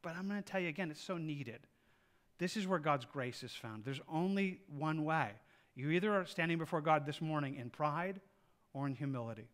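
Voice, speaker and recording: Animated bright-voiced male pastor preaching. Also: on the high side, moderate pace. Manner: animated preaching, acts out voices of people praying. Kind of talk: sermon.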